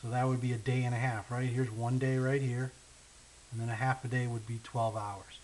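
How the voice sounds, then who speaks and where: This recorded math walkthrough features a patient man solving word problems step by step, writing while he thinks aloud and lingering on key numbers, with many "okay?" and "right?" check-ins. His mid-range voice is level and a little mellow, heard through a rough recording with faint hiss.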